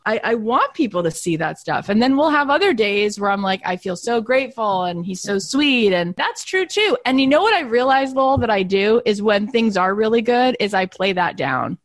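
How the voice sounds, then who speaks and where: A woman's voice: moderate pace, few pauses, dry recording, studio quality. A woman in her thirties chatting casually as co-host, telling stories and acting out quotes in a raised voice. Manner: animated storyteller who acts out quotes in a higher voice. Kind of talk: casual chat.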